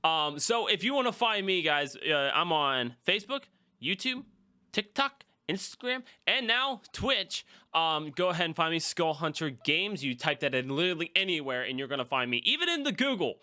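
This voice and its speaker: A man's voice: on the high side, sing-song, normal speed, bright, forceful tone. A young man hosting a casual podcast, enthusiastically plugging his channels and sponsor with frequent fillers. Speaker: podcast host. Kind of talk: casual podcast chat and self-promotion.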